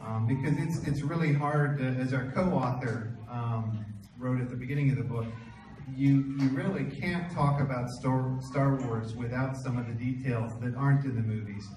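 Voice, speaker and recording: Mellow-voiced man in a roomy hall. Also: mid-range voice, moderate pace. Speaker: book co-author answering audience questions. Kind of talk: live panel Q&A. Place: large event room with an audience. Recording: echoey room, distant mic, faint noise.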